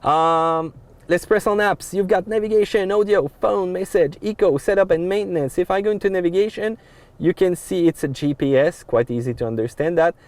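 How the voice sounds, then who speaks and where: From the cab of a pickup truck, a man with a French accent casually explains the dashboard controls as a car reviewer, stumbling through restarts and frequent uh fillers. His voice is high and a little mellow, at a normal speed.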